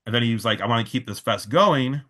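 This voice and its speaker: A man's voice: medium pitch, quick pace, a bit bright. A man, a festival organizer, telling a long story in a casual interview, full of fillers and restarts, quoting others in his own voice.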